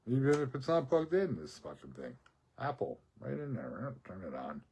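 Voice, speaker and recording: A man's voice: mid-range voice, huge pitch swings, normal speed, a little mellow, slightly rough. A man rambling through a profane personal rant into his phone, breaking into laughs often. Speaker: social media ranter.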